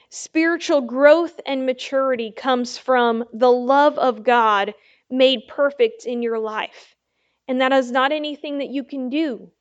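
A woman preaches a sermon in a high voice, taking her time over every phrase and pausing to ask her listeners for an amen. The sound is a little dull and lo-fi. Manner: slow, emphatic preaching with call-and-response "Amen?".

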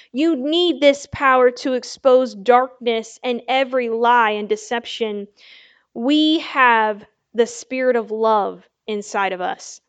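A woman preaching a sermon, slow and emphatic, asking her listeners "Amen?" between points. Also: on the high side.

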